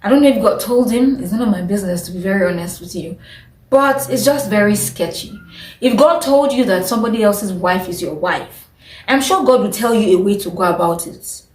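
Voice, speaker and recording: A woman's voice: mid-range voice, a little fast, darkish tone, echoey room, poor audio. A woman vlogging her opinions in a chatty, opinionated way, often breaking into laughter. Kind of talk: casual opinion vlog.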